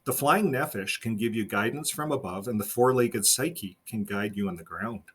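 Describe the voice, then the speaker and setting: A man's voice: fairly low pitch, normal speed, a little hiss or hum, lightly acted. A man reading the lines of a kindly, amused male angel guide in a storybook reading. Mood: explaining. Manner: laughing, reassuring.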